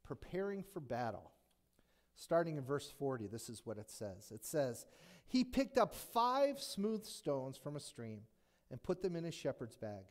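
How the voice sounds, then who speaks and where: Male pastor preaching, lively up-and-down voice, cracks jokes, keeps asking the room questions. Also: mid-range voice, a little slow. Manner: animated, joking, rhetorical questions. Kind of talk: sermon.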